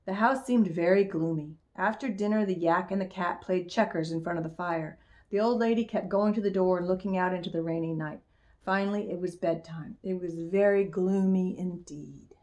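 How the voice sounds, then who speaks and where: Woman calmly reading a children's book aloud. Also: on the low side, a little fast. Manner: calm, expressive read-aloud voice. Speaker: storyteller.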